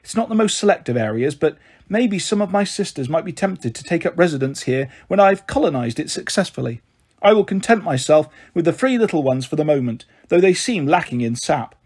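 A man's voice: on the high side, lively intonation, a little fast, a little mellow, slightly rough. A man voicing a haughty ancient fairy woman. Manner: haughty, grand old-fashioned phrasing. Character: ancient proud female flower fairy. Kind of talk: storybook read-aloud.

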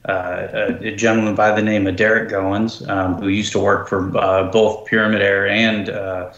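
Man, deep voice, flat delivery, halting with fillers, casual podcast chat, echoey dull recording. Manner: halting, many fillers and restarts. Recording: dull, roomy sound.

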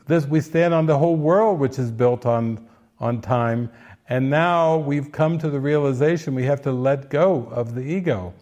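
A man's voice: mid-range voice, normal speed, a little mellow. Earnest man giving casual spiritual commentary. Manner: earnest, playful, acts out quotes in little voices.

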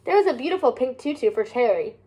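A woman's voice: fairly high pitch, expressive, quick pace, mellow, dull audio. Woman reading a picture book aloud. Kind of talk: children's book read-aloud.

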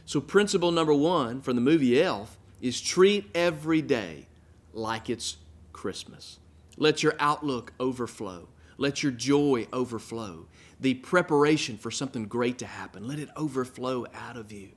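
A male pastor delivering a sermon, speaking earnestly, repeating phrases for emphasis and letting line endings fall quiet. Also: medium pitch, lively intonation, normal speed.

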